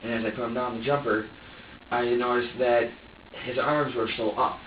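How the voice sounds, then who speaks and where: A man under police questioning who recounts events haltingly, repeating himself and swearing. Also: medium pitch, little pitch movement, a little hiss or hum. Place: police interrogation room. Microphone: distant room camera mic. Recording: dull, echoey room audio from far off.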